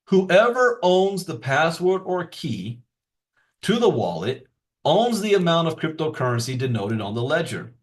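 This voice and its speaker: A man's voice: fairly high pitch, big pitch swings, unhurried. A man presenting a beginner's crypto lesson, reading from notes with casual asides and emphatic repetition. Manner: explanatory, emphatic repetition for stress.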